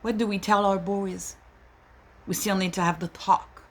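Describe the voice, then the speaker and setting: A woman's voice: medium pitch, fairly even intonation, measured pace. A woman, a mother, giving an emotional monologue, pleading and indignant. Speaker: mother speaking out. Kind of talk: impassioned personal monologue.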